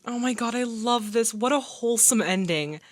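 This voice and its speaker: A woman hosting a movie reaction video, excitable and laughing, talking back to the screen in casual commentary. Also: a little high, moderate pace, faint music behind.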